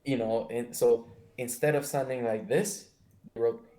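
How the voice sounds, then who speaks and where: A man's voice: mid-range voice, steady tone, measured pace, mellow, reverberant, poor audio. Young man from Mexico, American accent. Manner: rambling, many fillers and restarts. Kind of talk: casual chat.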